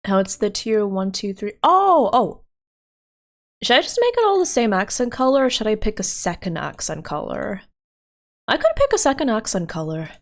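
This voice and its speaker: A woman's voice: mid-range voice, big pitch swings, normal speed. A woman streamer chatting casually and thinking aloud as she works, with frequent giggles and fillers. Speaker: livestreamer. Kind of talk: casual livestream chat.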